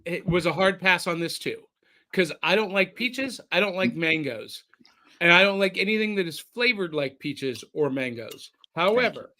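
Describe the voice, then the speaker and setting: A man's voice: high-pitched, bright, forceful tone. A man hosting a podcast, chatting casually and reading listener comments aloud in a jokey way over a remote call. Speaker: podcast host.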